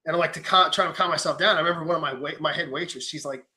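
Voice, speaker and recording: Fast, bright-voiced man telling stories. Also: a little high. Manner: animated storyteller, swears freely, acts out quotes. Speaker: podcast host. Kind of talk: casual chat.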